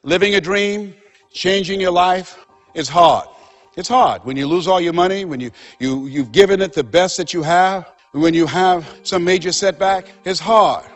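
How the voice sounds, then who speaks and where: An older man giving a motivational speech, telling stories in an emphatic, rhythmic way that drops to a quiet confessional tone. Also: sits high, normal speed. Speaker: motivational speaker.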